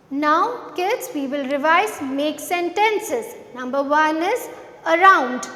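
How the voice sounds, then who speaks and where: A woman's voice: sits high, pushed and bright. A woman teacher revising a lesson with young children, spelling words letter by letter and asking simple questions. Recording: echoey room with long reverb.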